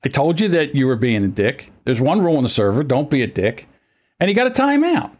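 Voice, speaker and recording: Over an online call, this podcast host chats casually in a brisk, mid-range voice. His storytelling is animated, and he performs the quotes of others as he recounts them.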